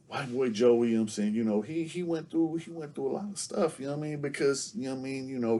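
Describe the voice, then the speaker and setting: Man, guest storyteller, casual, medium pitch, heavy filler phrases. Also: warm tone. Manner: fills every phrase with "you know what I'm saying".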